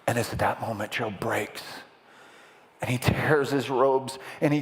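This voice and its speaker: A man preaching a sermon as vivid storytelling, dramatic and playful with the congregation, building to loud peaks and dropping to a whisper. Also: mid-range voice, unhurried, slightly rough. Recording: echoey hall with long reverb.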